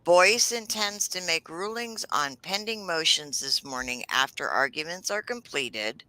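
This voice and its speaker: Low-voiced wry woman reading updates. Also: expressive, measured pace, sharp tone, no room sound, poor audio. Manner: wry, reads news aloud with commentary. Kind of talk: casual livestream chat.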